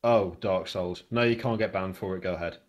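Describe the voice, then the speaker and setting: A man's voice: deep voice, a little fast. A man co-hosting a live Q&A, joking and laid-back, talking into a headset mic. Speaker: co-host of a live Q&A. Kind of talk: casual chat.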